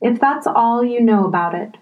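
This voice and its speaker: A woman reading a storybook, voicing an anxious, weary king who speaks slowly. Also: fairly high pitch, lively intonation, narrow, tinny audio. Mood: fretful. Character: fussy anxious old king of a court.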